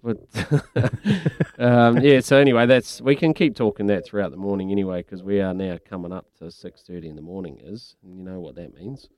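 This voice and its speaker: A man's voice: deep voice, moderate pace, darkish tone, dry recording. A man hosting breakfast radio from a studio, chatty and laughing often. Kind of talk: casual radio banter.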